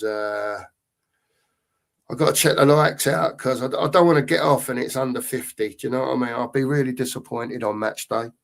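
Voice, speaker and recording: Creaky-voiced and medium-pitched, a middle-aged co-host of a fan channel rambles easily through a casual live stream. His thoughts drift, and he often pauses to read viewer comments aloud.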